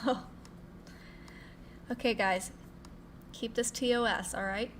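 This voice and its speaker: This Twitch streamer from Ohio has a fairly high, slightly bright voice, speaking steadily and slowly over a faint hiss or hum. Playful and chatty with a Midwestern accent, she answers viewer questions, swears casually and squeals at her pets.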